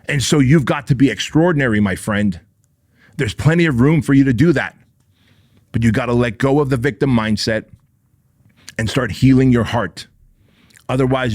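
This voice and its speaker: A man gives a motivational monologue on his own show, speaking in short, punchy, repeated phrases and swearing now and then. His voice sits in an ordinary middle pitch. It is recorded close and dry, with no room sound. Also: no echo. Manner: forceful, preachy, repetitive punchy phrasing, profane. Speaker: podcast host.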